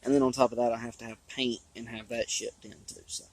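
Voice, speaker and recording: A man, chatting casually and rambling about his hobby, his voice hoarse from talking a long time. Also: medium pitch, level tone, quick pace, very noisy. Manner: rambling, drawling, with restarts. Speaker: RC hobby vlogger. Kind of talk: casual trailside chat. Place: outdoors on a trail.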